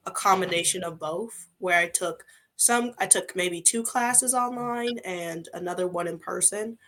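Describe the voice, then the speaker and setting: A young woman hosting a casual interview, chatty and animated, with lots of filler words. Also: on the low side, a little slow. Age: young adult. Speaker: podcast host interviewing a student.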